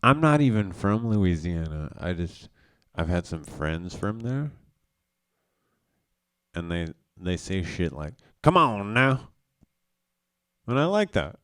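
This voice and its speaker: A man's voice: low voice, very animated, measured pace, pauses often, smooth, no room sound, clean studio sound. Loose, joking man from South Dakota. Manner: loose, profane, self-mocking. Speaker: live show host. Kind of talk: casual rambling monologue.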